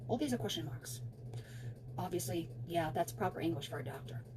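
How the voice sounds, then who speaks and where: A woman's voice: lowish voice, lively intonation, a little fast, noisy background. A woman reading out a chat and adding sarcastic, dry asides. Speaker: TikTok storyteller. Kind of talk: reading a chat aloud with commentary.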